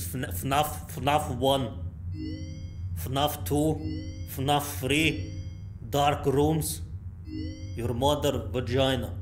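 A man's voice: on the high side, slight background noise. A young man streaming a horror game live, gasping, yelping and swearing, full of crude jokes. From Austria. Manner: excitable, yelps and gasps, swears a lot, crude jokes.

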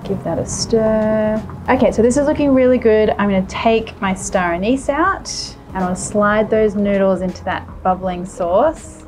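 A woman demonstrates a recipe as a cooking show host, chatting warmly and eagerly to the viewers as she works. She laughs easily and keeps up a lively patter from her kitchen. Soft music plays quietly underneath. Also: medium pitch. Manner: chatty and enthusiastic, talks straight to viewers.

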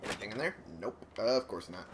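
Brief: male gameplay commentator, lively pitch, self-deprecating and swearing, steady noise behind. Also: fast talker.

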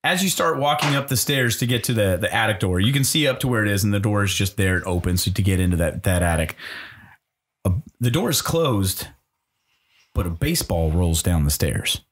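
Lively easygoing male game master. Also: lowish voice, fairly quick. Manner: descriptive, easygoing, often laughing. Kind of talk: narrating a tabletop game.

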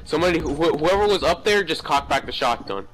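A man with a fairly high, lively voice shouts and swears in gaming voice chat, boasting about being right. His voice swings around as he talks, with loud game sounds behind him on the online chat line. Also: brisk, crowd noise, poor audio. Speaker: gamer in group voice chat.

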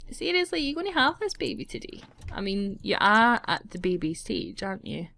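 A woman's voice: mid-range voice, sing-song, normal speed, gravelly, sharp tone. Chatty woman commentating a life-sim game. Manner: chatty, giggly, exasperated with the game characters. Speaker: gaming channel host. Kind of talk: casual let's play commentary.

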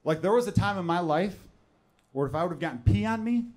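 A man, performing a stand-up comedy set on stage. He talks conversationally and jumps into loud, exaggerated voices when acting out other people. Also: high-pitched, lively intonation, fast talker. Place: comedy club stage with laughing audience.

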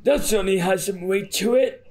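A man voicing an old male master tattooist in a slow, gravelly grandpa voice while reading game dialogue. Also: sits high, darkish tone, pitched below the performer's own voice, close to an everyday voice. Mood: proud.

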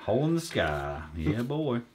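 Sing-song and unhurried, this medium-pitched man swears casually while opening card packs with his podcast co-host, purposely mangling each card's name. Wrappers crinkle in the background, adding audible noise.

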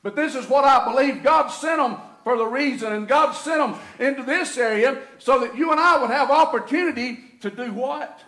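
A man with a Southern US accent preaching a sermon as pastor, folksy and swinging between loud and quiet. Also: very high voice, moderate pace, few pauses. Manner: folksy preaching, rising and falling in intensity. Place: church sanctuary. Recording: echoey church room.

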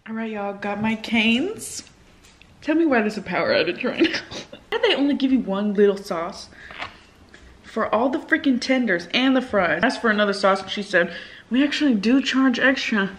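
A woman's voice: mid-range voice, animated, moderate pace, a little hiss or hum. A woman in her twenties chatting casually as a vlogger, full of fillers and swearing freely, talking into a handheld camera. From California. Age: 20s. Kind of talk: casual vlog chat.

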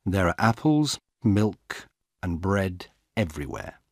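Slow, clear male narrator. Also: deep voice, very animated, dry recording, studio quality. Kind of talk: graded reader narration for English learners.

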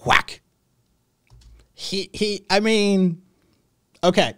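A man's voice: sits high, fairly even intonation, extremely slow, clear, resonant tone, no room sound. Sarcastic, swearing man in a dry room. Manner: profane, sarcastic, rambling with many fillers. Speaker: podcast host. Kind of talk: casual commentary chat.

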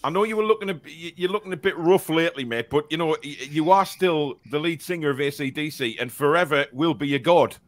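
A man's voice: on the high side, quick pace, few pauses. A man hosting a casual live fan show, chatty and laughing, reading out viewer comments with plenty of fillers and restarts. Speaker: fan podcast host.

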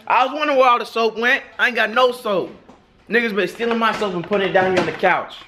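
A man's voice: high voice, fast, pushed and bright, slight background noise. A man vlogging at home, joking and teasing his friends in casual banter. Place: indoors at home with friends and a dog.

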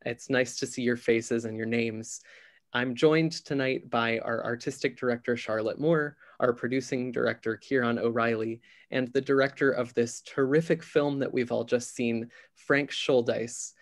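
A man's voice: medium pitch, steady tone, normal speed. A man hosting a theatre's patron night video call, giving polite welcome remarks with occasional uhs. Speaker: director of development, host.

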